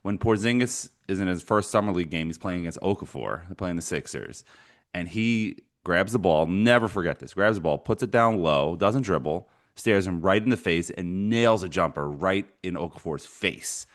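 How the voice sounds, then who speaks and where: A man co-hosting a sports talk podcast, telling animated stories and laughing as he goes. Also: sits low, moderate pace. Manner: animated storyteller, laughs often. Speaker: podcast co-host.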